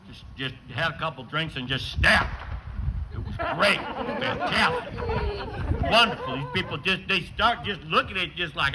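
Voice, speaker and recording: An older man from western New York doing a stand-up comedy set outdoors, telling stories in a deadpan way and acting out the dialogue. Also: a little high, normal speed, crowd noise, poor audio. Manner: deadpan storytelling with acted dialogue bits. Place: outdoor show with a live audience.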